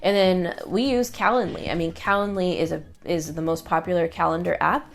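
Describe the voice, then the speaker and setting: A woman's voice: lowish voice, steady tone, moderate pace, vocal fry, faint music behind. A woman talking to camera in a casual vlog, chatty and upbeat, with lots of fillers and quoted asides. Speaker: online business creator.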